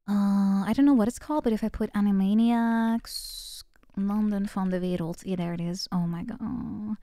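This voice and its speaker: A woman's voice: fairly high pitch, dry recording, studio quality. A woman streamer, native Dutch speaker, reading horror game text and chatting casually with viewers, often giggling. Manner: chatty, giggly, self-mocking.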